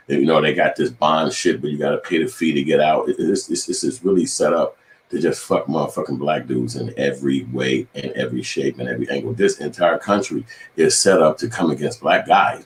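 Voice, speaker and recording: A man's voice: a bass voice, fairly even intonation, a little fast, roomy sound. A man giving heated, profane commentary on the news, talking in an impassioned rant.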